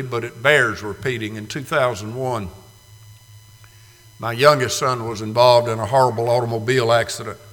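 A man in his sixties preaching a dramatic sermon, moving from hushed, slow passages to loud cries. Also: mid-range voice. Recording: reverberant hall.

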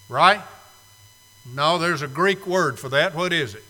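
A man's voice: on the high side, measured pace, pushed and bright, long reverb tail. A man preaching a sermon to a live congregation, emphatic and fond of repeating key phrases. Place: church sanctuary, live congregation.

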